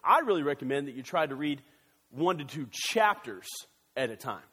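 A male pastor preaching a sermon in a church, animated and joking, with quick excited bursts. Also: on the high side, husky, long reverb tail.

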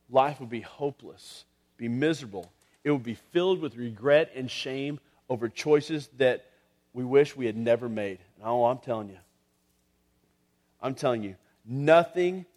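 A man preaching a sermon as pastor, earnest and rising to impassioned reading of scripture. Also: medium pitch.

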